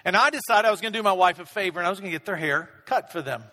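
Bright-voiced pastor telling a sermon story. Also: male voice, high-pitched, animated, rapid-fire. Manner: self-deprecating storyteller, casual and conversational. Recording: long reverb of a large hall.

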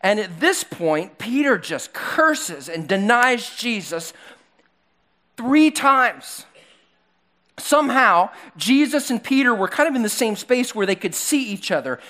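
A male pastor preaching a sermon in a church hall, retelling a story with animated, acted-out voices. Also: high-pitched, slow pace. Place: church hall with slides on a screen.

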